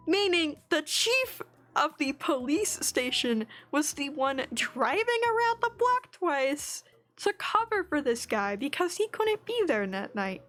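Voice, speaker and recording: A woman's voice: high-pitched, sing-song, measured pace, fairly bright tone, soft background music. A woman streamer in casual chat, telling an angry story full of swearing and frequent laughs, on a streaming mic. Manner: laughs often between lines.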